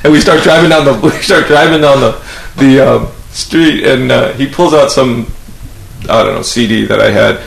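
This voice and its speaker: A man hosting a podcast, telling stories in a casual, animated way, swearing and acting out what people said. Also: mid-range voice, moderate pace, creaky. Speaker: podcast host. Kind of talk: casual storytelling interview. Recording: echoey room with faint noise.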